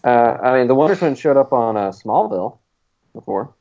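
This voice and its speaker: A man's voice: mid-range voice, lively intonation, normal speed, mellow, lo-fi sound. A man co-hosting a casual podcast chat, an eager fan who talks with many fillers. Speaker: podcast co-host.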